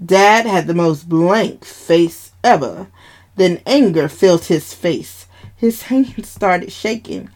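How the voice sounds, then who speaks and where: A woman reads a dramatic family story aloud. She takes her time, with a lively, rising and falling pitch, in an expressive storytelling voice. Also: slow pace.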